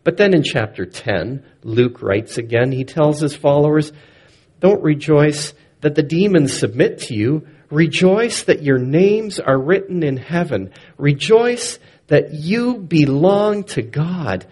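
A man preaching a sermon, expressive, swinging between loud and soft for emphasis. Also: fairly high pitch, takes it slowly, slightly rough.

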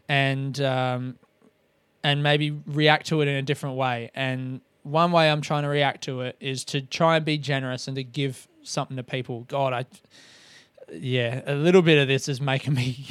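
A man's voice: mid-range voice, fairly even intonation, moderate pace, fairly bright tone, smooth, no room sound. A man talking in a casual, rambling monologue on a podcast, swearing often and mocking himself. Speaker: comedian podcast host.

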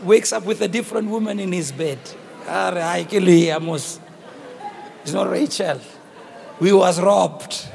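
A man with a South African accent preaching a sermon and telling the story dramatically, swinging from shouts to hushed tones. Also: high voice, gravelly. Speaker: bishop preaching. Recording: long reverb of a church hall.

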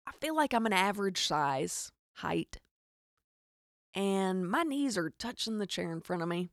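A woman from Arkansas with a Southern Arkansas accent, telling a funny story as a podcast host, with animated, exasperated asides. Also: lowish voice, dry recording, studio quality. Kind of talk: comedic storytelling monologue.

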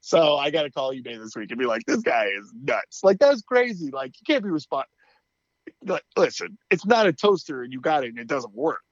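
A man's voice: medium pitch, very animated, brisk, dry recording, highs cut off. A man co-hosting a podcast, chatting casually and telling a story, acting out the quotes and laughing often. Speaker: podcast co-host. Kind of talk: casual chat.

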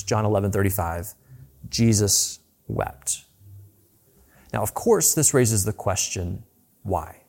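A man preaching a sermon, reading scripture aloud and explaining it, slowing to emphatic pauses and dropping his voice on key words. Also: medium pitch, a little mellow. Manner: reads scripture aloud with lifted, dramatic quoted lines.

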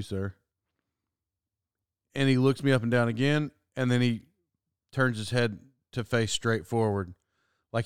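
Animated male host telling a story. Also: mid-range voice, clean tone, no room sound, clean studio sound. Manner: animated, acts out quoted dialogue. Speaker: podcast host. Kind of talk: casual storytelling monologue.

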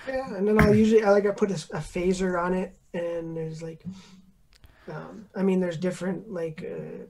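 A man's voice: high voice, animated, normal speed, dark tone. Young male producer, laid-back rambling talker, heavy on fillers. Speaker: beat producer. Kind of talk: casual podcast chat.

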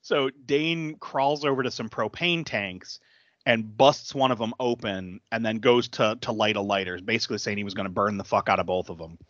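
A man co-hosting a podcast, recapping a movie in casual chat and jumping up in pitch whenever he quotes a character. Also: moderate pace, no echo, highs cut off. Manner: animated retelling, jumps up in pitch for quoted characters, laughs often. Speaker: podcast co-host.

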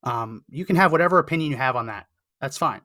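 A man's voice: mid-range voice, animated, quick pace, pushed and bright, no echo, clean studio sound. A man hosting a political talk show, giving earnest, emphatic commentary and repeating phrases to stress his points.

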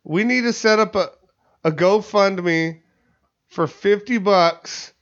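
A man with a fairly high voice hosts a podcast in a loose, casual chat. He rambles, swears freely and trips over constant restarts. The sound is muffled and lo-fi. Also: takes it slowly, a bit bright. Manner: rambling, profane, lots of stammered restarts. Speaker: podcast host. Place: studio.

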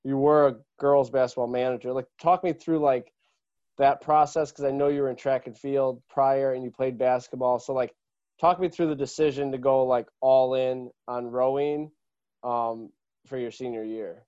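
A man hosts a casual school interview as athletic director, relaxed and informal in his questions. The recording is dry and slightly dull. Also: medium pitch, moderate pace, no echo. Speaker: athletic director, show host.

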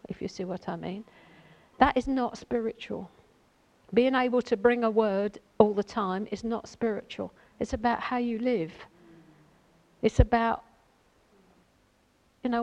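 A woman's voice: a little high, darkish tone, poor audio. A woman giving an informal Bible teaching, chatty and rambling, with many fillers and asides. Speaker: lay preacher.

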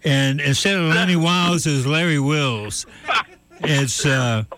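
A man's voice: fairly high pitch, measured pace. A man hosting a call-in radio show, chatting casually with callers and telling stories with frequent laughter. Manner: chatty storyteller, laughs often.

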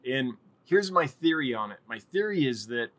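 A man's voice: mid-range voice, very animated, moderate pace, fairly bright tone. A man hosting a casual live stream, rambling and chatting with viewers and laughing often.

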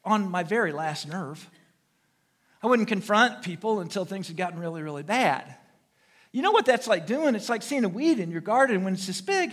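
Very high, lively American preacher. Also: male voice. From United States. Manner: animated, humorous storytelling with vocal sound effects. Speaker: pastor. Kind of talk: sermon.

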